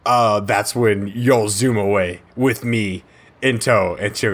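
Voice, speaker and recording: A man's voice: fairly low pitch, fairly even intonation, slow pace, fairly bright tone. A man playing a tabletop role-playing game, giggly and playful, often acting out his kid character's lines. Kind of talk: casual tabletop role-play chat.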